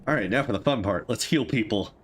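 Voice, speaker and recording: A man's voice: on the low side, quick pace, a little hiss or hum. A man commenting on his game and reading the characters' lines in amateur put-on voices, laughing at his own delivery. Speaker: game streamer voicing characters.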